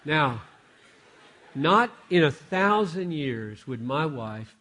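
An older American man preaching a sermon, telling a story with animated delivery and frequent self-corrections. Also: on the high side, slow.

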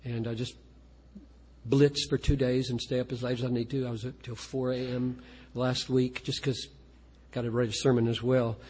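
A man's voice: medium pitch, level tone, moderate pace, darkish tone, breathy edge. A man, a pastor, talking earnestly and self-deprecatingly about writing poetry, often restarting his sentences. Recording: long reverb of a large hall.

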